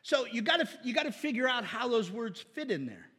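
A man preaches with a high, slightly husky voice. He jokes, fires off rhetorical questions and slips into mock voices. The sound carries the long echo of a church hall. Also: brisk. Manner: animated, jokey, acts out mock voices and asks rhetorical questions. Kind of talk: sermon.

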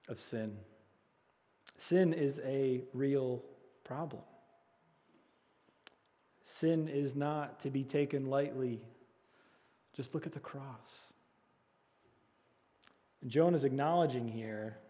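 A man's voice: mid-range voice, takes it slowly, pauses often, darkish tone. A man preaching a sermon as pastor, earnestly repeating key phrases and leading the congregation in call and response. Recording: long hall reverb.

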